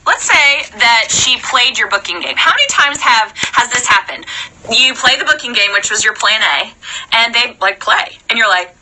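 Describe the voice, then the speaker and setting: A young woman in a chatty, animated live-stream coaching talk, often checking in with "okay?". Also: fairly high pitch, moderate pace, a little hiss or hum, low-quality recording. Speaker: sales trainer.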